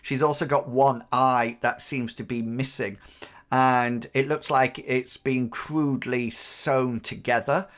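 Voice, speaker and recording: Slow-talking male game master. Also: mid-range voice, fairly even intonation, fairly bright tone. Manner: hesitant, many fillers. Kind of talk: narrating a tabletop game.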